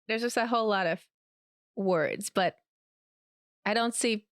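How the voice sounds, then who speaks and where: A woman's voice: mid-range voice, a little slow, smooth, dry recording, clean studio sound. A woman co-hosting a podcast, chatting in a playful, dramatic way. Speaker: podcast co-host. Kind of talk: casual chat.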